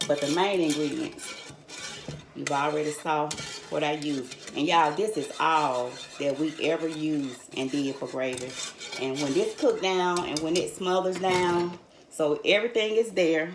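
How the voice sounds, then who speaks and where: A woman's voice: low-pitched, unhurried, noisy background. An older woman, chatting folksily through a home cooking demonstration and calling her viewers honey and y'all. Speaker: home cook host. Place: home kitchen. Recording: echoey kitchen with cookware clatter.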